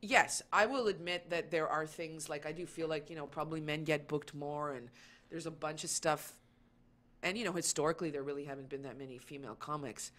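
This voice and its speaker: A woman comedian chatting casually as a guest, telling anecdotes in an animated way and acting out the lines of the people in them. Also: sits low, a little fast. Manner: animated storytelling, acts out quoted lines. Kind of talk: casual chat.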